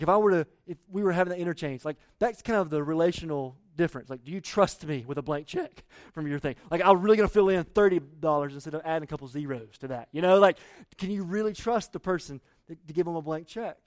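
A man preaches a sermon in a high, light voice. He talks to the congregation conversationally, firing rhetorical questions and dropping from loud appeals to near-hushed asides. The sound is dry and close. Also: no room sound. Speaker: pastor.

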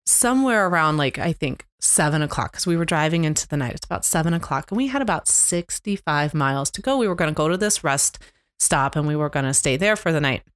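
A middle-aged woman co-hosting a podcast, candidly retelling a stressful family road trip in a halting, emotional way. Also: deep voice, lively intonation, no room sound, studio quality. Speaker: podcast co-host. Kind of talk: casual storytelling chat. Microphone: close podcast mic.

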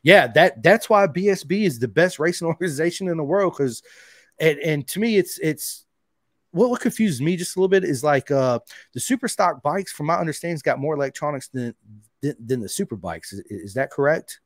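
A man hosting a podcast, chatting casually and excitably, dropping "dude" and "man" throughout. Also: fairly high pitch, brisk, no echo, clean studio sound. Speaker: podcast host. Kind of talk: casual interview chat.

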